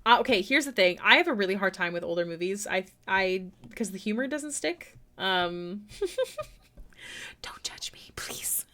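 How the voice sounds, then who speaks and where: A young woman chatting casually with her viewers on a live art stream, self-deprecating and prone to sudden excited exclamations. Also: medium pitch, normal speed, hardly any pauses. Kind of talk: casual live-stream chat while drawing. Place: home room.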